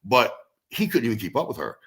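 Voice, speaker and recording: A man in a casual interview, telling stories as a guest musician and singer, animated and swearing freely. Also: medium pitch, quick pace.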